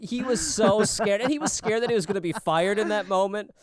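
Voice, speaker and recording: A man from Minnesota co-hosting a casual podcast, telling stories with animated delivery and acting out the people in them. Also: high voice, fairly quick. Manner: animated storytelling, acting out quoted voices. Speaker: podcast co-host.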